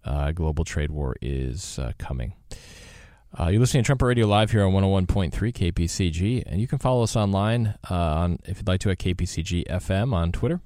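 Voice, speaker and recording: Deep-voiced male radio host. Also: fairly quick, no room sound, clean studio sound. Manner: relaxed, rambling, many fillers. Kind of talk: casual radio talk. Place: radio studio.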